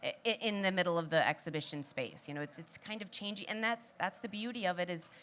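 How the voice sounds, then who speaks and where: A woman's voice: on the low side, fairly bright tone, slight background noise. A woman curator speaking on a panel, often repeating words as she gathers her thoughts. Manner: halting, repeats words while thinking. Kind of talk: panel discussion.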